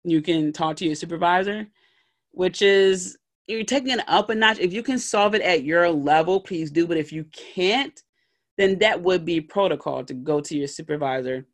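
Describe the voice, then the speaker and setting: A woman's voice: on the low side, moderate pace. A woman hosting a solo podcast, giving conversational motivational advice and checking in often with her listeners. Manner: conversational, checks in often with "okay?" and "all right?"; acts out little scenes with brief put-on voices. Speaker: podcast host and life coach.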